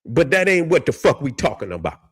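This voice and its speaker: A man's voice: on the high side, big pitch swings, a little fast, breathy edge. A man hosting a commentary vlog. He rants heatedly and swears a lot, stumbles over words, and reads case histories aloud between outbursts. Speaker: commentary channel host.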